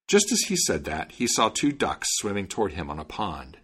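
A man narrating a storybook fairy tale in a low, slightly husky voice. His reading is expressive, with wide, lively swings in pitch. It has the steady flow of storybook narration. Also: moderate pace, few pauses.

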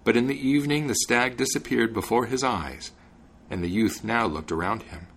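A man hosting a podcast, narrating a fairy tale in an expressive reading voice. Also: medium pitch, moderate pace, breathy edge. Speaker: podcast host and reader. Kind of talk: storybook narration.

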